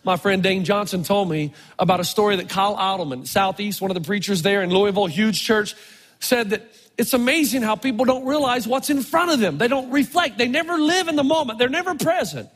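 A middle-aged man preaching a storytelling sermon as a pastor, animated, dropping to a hush and then rising loud for emphasis. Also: high-pitched, a little fast, husky. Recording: long reverb in a large hall.

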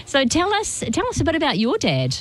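A woman co-hosting a morning radio show in an upbeat, chatty way. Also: a little fast. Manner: chatty and upbeat, with lively pitch. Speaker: radio co-host. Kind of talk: casual morning radio chat. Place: radio studio. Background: music bed.

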